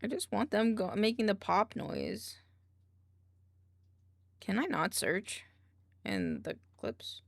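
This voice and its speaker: A woman streams while editing videos, chatting with viewers and trailing off into mumbles to herself. Her mid-pitched voice rises and falls a lot, and the sound is dry and close to the mic. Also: wildly swooping pitch, slow pace, vocal fry, long pauses, no room sound.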